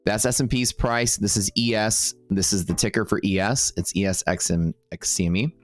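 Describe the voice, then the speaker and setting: Man, relaxed live-stream trading teacher, lowish voice, dry mic, chatty with his viewers. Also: no room sound, soft background music. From Texas. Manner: casual and upbeat, full of fillers and quick asides to chat.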